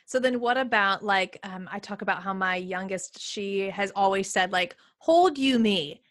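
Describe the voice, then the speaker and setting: Woman in her thirties, podcast host, chatty and enthusiastic, middle-pitched voice. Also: flat delivery, normal speed, sharp tone. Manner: chatty and enthusiastic, with many fillers. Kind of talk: casual podcast chat.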